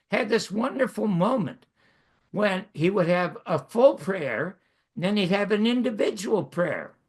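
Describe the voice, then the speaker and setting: A man's voice: high-pitched, creaky, breathy edge. A man in his nineties from Canada, telling stories from his life as a host, with a wry, self-mocking humor. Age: 90s. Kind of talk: storytelling monologue.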